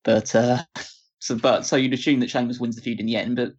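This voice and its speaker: A man talking casually as a podcast co-host, hesitant and restarting his sentences while giving measured opinions. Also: mid-range voice, steady tone, darkish tone, husky. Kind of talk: casual wrestling chat. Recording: dull lo-fi sound.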